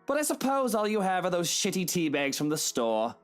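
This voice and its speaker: A woman's voice: lowish voice, very animated, a little fast, music in the background. A woman voicing a crude, arrogant married man in a visual novel, brusque and swearing. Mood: scornful.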